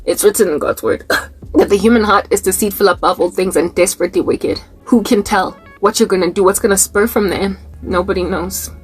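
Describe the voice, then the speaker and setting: A woman's voice: mid-range voice, fairly quick, slightly rough. A young woman with a South African accent delivers a loose, prophetic sermon straight to camera. She laughs often and doubles back on words to drive them home. Faint music plays underneath. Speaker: online preacher.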